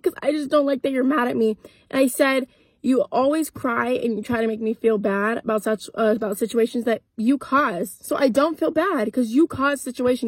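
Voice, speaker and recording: A young woman recounts a personal story from inside a parked car, blunt and profane, acting out the back-and-forth as she goes. Her voice sits a little high with a husky edge. The sound is dry and close, with no room echo. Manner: blunt, profane, animated retelling with quoted dialogue. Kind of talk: casual storytime vlog.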